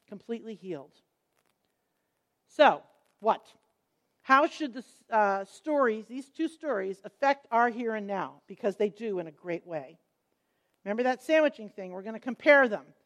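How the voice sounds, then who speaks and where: A woman's voice, set a little high, teaches a Bible passage as a lively story. She is middle-aged and acts out the quoted lines as she goes, slowing down to stress key points.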